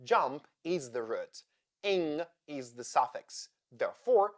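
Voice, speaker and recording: A man teaching English pronunciation in a scripted lesson, speaking deliberately and spelling out sounds one by one. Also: on the high side.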